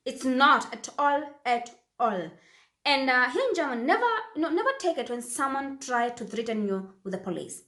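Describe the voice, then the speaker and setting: A woman talks casually to her viewers, often repeating phrases for emphasis. Her voice sits fairly high and swings widely in pitch. The room around her is echoey. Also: lively intonation, brisk, pushed and bright. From Kenya. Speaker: vlogger. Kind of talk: casual talk to camera.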